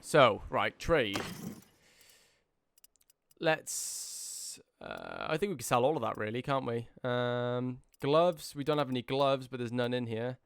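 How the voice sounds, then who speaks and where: A man's voice: medium pitch, takes it slowly, gravelly, clear, resonant tone, dry recording. Rambling man narrating his gameplay. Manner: rambling, filler-heavy, easily excited. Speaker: gaming video host. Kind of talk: casual let's-play commentary.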